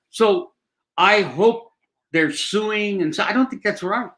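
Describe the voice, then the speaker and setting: A man's voice: sits high, slow, fairly bright tone. An older man, an actor, chatting casually and telling rambling, joking stories. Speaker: actor guest. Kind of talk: casual live chat.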